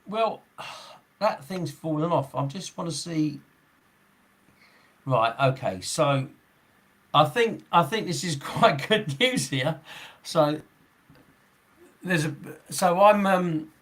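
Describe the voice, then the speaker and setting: A man's voice: fairly high pitch, lively intonation, slow pace, long pauses, a bit bright. A man in his sixties, a football referee hosting a podcast, chatting casually in a rambling way, chuckling often and restarting his sentences. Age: 60s.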